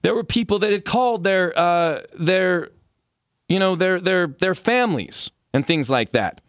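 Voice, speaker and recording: A man co-hosting a casual podcast, talking in an animated, incredulous way with many restarts. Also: high voice, a little slow, dry recording, clean studio sound. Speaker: podcast co-host.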